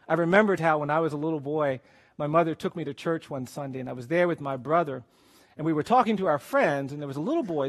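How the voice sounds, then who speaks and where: A middle-aged man speaks in a gravelly, husky voice pitched a bit high for a man. He tells a heartfelt story as a speaker, slow and earnest, often sinking into soft, hushed tones. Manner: slow, earnest, drops to soft near-whispers at emotional moments. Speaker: lawyer and speaker.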